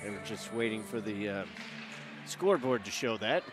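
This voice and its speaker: A man calling live hockey play-by-play as the game's announcer, brisk and rising to shouts on big plays. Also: on the low side, animated, music in the background. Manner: brisk, running call of the action that climbs to shouts.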